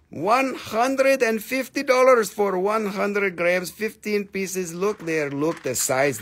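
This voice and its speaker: A man with a high, very lively voice hosts a live sales stream, counting pieces aloud and knocking down prices. He jokes constantly in a playful, teasing way. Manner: joking, playful, bursts into song. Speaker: live-stream seller of minerals.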